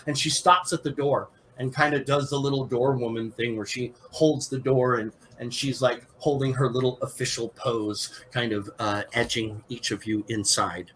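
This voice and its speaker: A man narrating a tabletop game as game master, halting with many fillers and restarts. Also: mid-range voice, a bit bright, slight background noise, poor audio.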